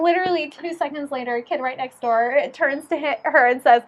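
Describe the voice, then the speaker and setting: A high-voiced woman who teaches young children, chatting casually with a friend. She tells stories animatedly, acts out the people in them and laughs as she goes. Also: fairly quick, few pauses, lo-fi sound. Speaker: co-host and book reader. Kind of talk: casual chat with read-aloud passages.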